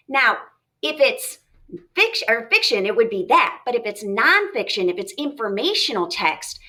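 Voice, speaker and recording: Lively woman teaching a reading lesson. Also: a little high. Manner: lively, animated, talks straight to students with rhetorical questions.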